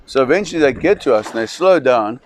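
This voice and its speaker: Man, dramatic storyteller, vivid, restarts phrases, mid-pitched voice. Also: expressive, fast, a little hiss or hum. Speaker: shark expedition operator.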